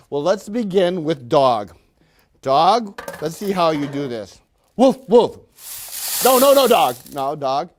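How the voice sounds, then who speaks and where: A man plays a self-important factory manager in a classroom role-play. The voice sits high and bright, and it is loud and sugary with condescension. He praises and scolds his workers in the same patronizing tone. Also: slight background noise. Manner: falsely cheerful, condescending and scolding.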